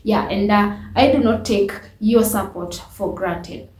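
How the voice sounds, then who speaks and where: A channel host opening a reaction video in a welcoming, grateful way, pausing with fillers. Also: female voice, medium pitch, a little mellow, roomy sound.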